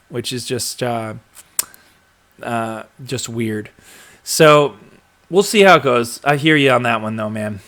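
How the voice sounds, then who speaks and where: A man's voice: medium pitch, fairly bright tone. Rambling young man hosting a live stream. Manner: rambling, filler-heavy, chuckles and trails off. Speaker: host of a live show reading viewer comments. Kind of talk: casual live-stream chat.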